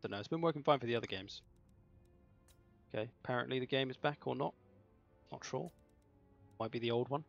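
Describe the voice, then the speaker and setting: Male streamer, wry and chatty, gravelly voice, lo-fi home mic with faint music. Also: medium pitch, fairly quick, pauses often. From southern England. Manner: joking, chatty, self-mocking. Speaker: streamer hosting a game tournament. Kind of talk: casual livestream chat.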